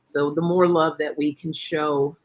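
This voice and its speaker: A woman's voice: low voice, level tone, a little slow. A middle-aged woman hosting a casual live-stream chat, affirming her guest and reading viewer comments aloud. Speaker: host.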